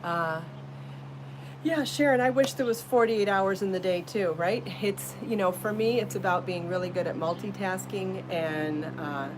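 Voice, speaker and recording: A woman's voice: mid-range voice, normal speed, noisy background. Chatty woman hosting a live podcast. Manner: chatty, bubbly, laughs often. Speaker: podcast host and crochet designer. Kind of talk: casual live podcast chat. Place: home, then out in her garden.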